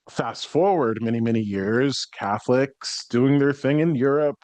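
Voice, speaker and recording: An American man hosting a solo podcast as a psychic medium, talking in a reflective, explanatory way and clearing his throat now and then. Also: medium pitch, a little mellow, dry recording. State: worn out after burnout.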